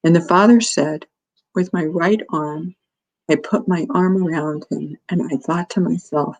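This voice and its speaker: A woman's voice: lowish voice, steady tone, a little slow, rough recording. A woman presenting a parent workshop, speaking earnestly and telling stories with quoted dialogue. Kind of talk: lecture to parents.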